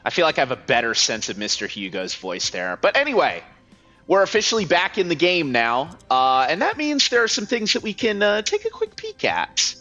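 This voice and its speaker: A chatty host rambles through his gameplay commentary, poking fun at himself, with a lively, bright voice. The recording sounds a bit dull, with faint music running behind it. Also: a little high, normal speed. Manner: chatty, rambling, self-deprecating. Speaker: let's play host. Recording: slightly muffled, music faint.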